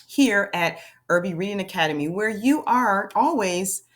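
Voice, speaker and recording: Lively sing-song woman teaching phonics. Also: mid-range voice. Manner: upbeat, sing-song, slow modeled sounding-out. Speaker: reading teacher. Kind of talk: children's phonics lesson.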